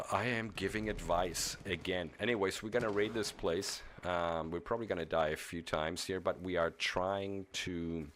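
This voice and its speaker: A man's voice: sits low, fairly even intonation, measured pace, a bit bright, slight background noise. A man from Germany chatting casually while streaming a video game, rambling with chuckles and frequent restarts. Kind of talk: casual gaming stream commentary.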